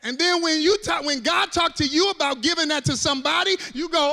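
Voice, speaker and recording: A man preaching a sermon, leading the congregation in call-and-response and swinging from hushed talk to shouts. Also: very high-pitched, brisk, vocal fry, hardly any pauses, long reverb tail. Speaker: pastor.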